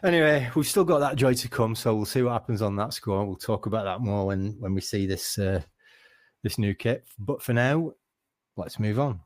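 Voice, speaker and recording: A man hosting a casual football podcast, wry and halting with many restarts. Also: on the low side. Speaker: podcast host.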